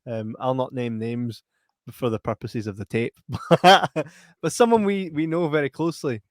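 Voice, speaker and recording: A Scottish man in casual podcast chat, with a mid-pitched voice. He is chatty and quick to laugh, and throws questions at his co-host. The recording is dry and close. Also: no echo. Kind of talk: casual film review chat.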